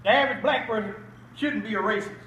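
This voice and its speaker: A man's voice: high voice, quick pace, pushed and bright, a little hiss or hum. An older man giving an emphatic Islamic talk as a guest speaker at a banquet, firing rhetorical questions for the audience to answer. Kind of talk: Islamic preaching at an awards banquet. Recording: echoey hall audio from a distant mic.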